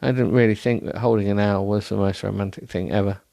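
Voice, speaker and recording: A man's voice: lowish voice, steady tone, quick pace, creaky, mellow, no echo. A man hosting a solo podcast, rambling in a self-deprecating way with many ums and restarts, sounding tired. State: tired, yawning. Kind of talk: rambling casual monologue.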